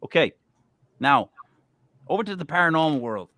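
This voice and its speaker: A man's voice: fairly high pitch, sing-song, moderate pace, bright, forceful tone. A man hosting a casual podcast chat, talking emphatically and repeating words as he makes his point. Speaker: host.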